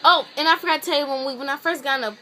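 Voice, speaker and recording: A woman's voice: high voice, rapid-fire, sharp tone. A young woman vlogger casually telling a story, chatty and exasperated, full of "I'm just like" asides.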